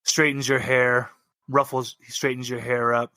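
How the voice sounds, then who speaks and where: A man running a tabletop game, narrating the action in a plain, descriptive way. His voice is mid-pitched and sounds dry and close, with no room around it. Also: level tone, moderate pace, bright, forceful tone, no echo. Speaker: game master.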